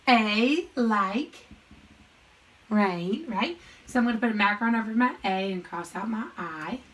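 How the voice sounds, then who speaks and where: A woman with a bright, fairly high voice teaches a phonics lesson to young children. She sounds out words slowly and patiently, thinking aloud as she writes on the board. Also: rough recording. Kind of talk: recorded classroom lesson.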